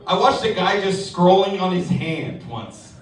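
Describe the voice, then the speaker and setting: High-voiced comedian in an echoey club. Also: male voice, measured pace, very noisy. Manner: animated storytelling, acts out voices of others. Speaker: stand-up comedian. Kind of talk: stand-up comedy set. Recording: echoey club mic with crowd laughter, from far off. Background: audience laughing.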